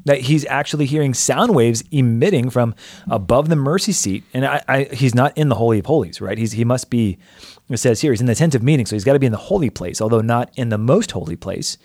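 A man co-hosting a podcast and talking casually through a Bible passage, thinking aloud and animated. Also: mid-range voice, fast talker, no echo. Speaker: podcast co-host, pastor.

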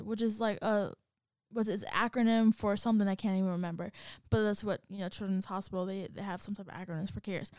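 A woman chats casually, telling a story with animated energy and putting on voices for the people in it. Her tone is smooth and clear. The sound is dry and close, with no room around it. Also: medium pitch, quick pace, no echo. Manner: animated storytelling, acts out quoted voices, laughs often. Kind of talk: casual chat.

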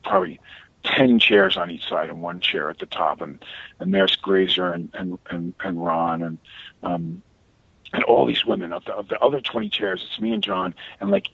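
A deep-voiced man tells a story in casual conversation, his tone husky and rough with fry. His pitch swings widely as he gets animated, and he often restarts phrases. The sound is dry and a little dull, with faint music behind. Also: no room sound. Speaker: guest, actor.

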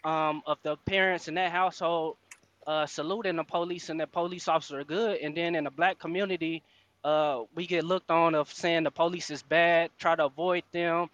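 A man telling his own experience in a live audio chat room, earnest and halting, with many fillers. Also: a little high, steady tone, a bit bright, dull audio. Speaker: room speaker.

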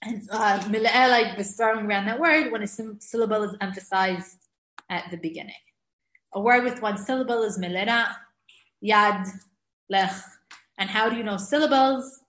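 A woman teaching a relaxed grammar class, chatty and quick to laugh. She slows down to sound out example words one syllable at a time. Her mid-pitched voice rings a little in an echoey room. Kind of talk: informal classroom lesson.

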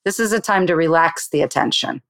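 A woman meditation teacher explaining meditation in an interview and then slowly guiding a breathing exercise in a soothing voice. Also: low-pitched, animated, creaky, a bit bright, dry recording.

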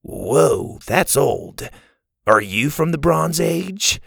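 A man's voice: on the high side, very animated, drawn-out words, creaky, fairly bright tone, husky, no echo, studio quality, voice pushed up, heavily acted. A man voicing a curious, joking young boy in a children's story.

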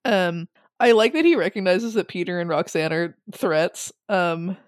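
A woman's voice: fairly low pitch, a little slow, no echo. Laughing woman in a dry room. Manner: animated, laughs often, acts out characters' lines. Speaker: podcast co-host. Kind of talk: casual book discussion chat.

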